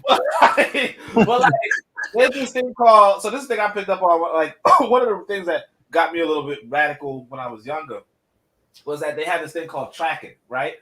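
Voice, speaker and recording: A man's voice: on the high side, normal speed, pushed and bright, poor audio. A middle-aged man co-hosting a podcast, talking animatedly in casual discussion, often repeating words and checking in with "right?". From Caribbean family, Jamaican parents. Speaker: podcast co-host.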